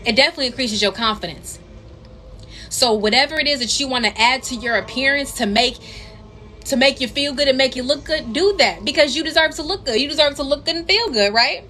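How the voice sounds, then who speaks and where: A woman's voice: sits high, a little fast, bright, forceful tone, slight background noise. A young woman doing a casual tarot reading for her viewers, chatty and repetitive, calling them her queens. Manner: chatty, repeats herself, addresses viewers as queens. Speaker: tarot reader and spiritual coach.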